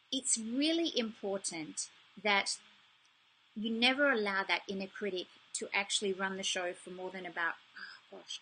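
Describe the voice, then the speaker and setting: A middle-aged woman speaks directly to her viewers in a live video, earnest and encouraging as she coaches them. Her voice sits at an ordinary middle pitch. A faint hiss of background noise runs under her talk. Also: fairly bright tone, low-quality recording. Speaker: self-esteem coach.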